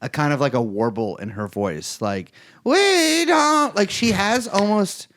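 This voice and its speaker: Rambling animated man podcast host. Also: mid-range voice, moderate pace. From East Bay, California. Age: young adult. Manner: rambling, stumbling restarts, profane. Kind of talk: casual political chat.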